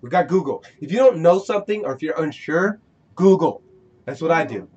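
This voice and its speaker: A man's voice: on the high side, animated, a little fast, a little mellow, lo-fi sound. A man hosting a casual podcast, rambling and preachy, often restarting his sentences. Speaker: podcast host.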